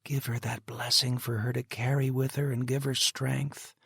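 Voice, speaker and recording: A man voicing an earnest middle-aged woman who gently but insistently pleads with a father. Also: mid-range voice, little pitch movement, moderate pace, vocal fry, breathy edge, no echo, studio quality, voice pushed up. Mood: pleading.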